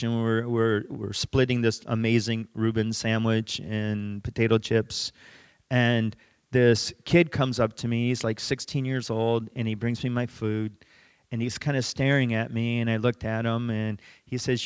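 A middle-aged man preaching a sermon as a pastor, telling a story in a relaxed conversational way and going quiet for emphasis. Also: medium pitch, normal speed, smooth, dry recording, clean studio sound. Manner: conversational, drops soft for emphasis.

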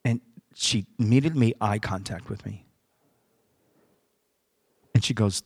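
A man's voice: on the low side, unhurried, pauses often, darkish tone, breathy edge, no echo. A man, a pastor, preaching by telling a story and acting out the dialogue as he goes. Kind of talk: sermon storytelling.

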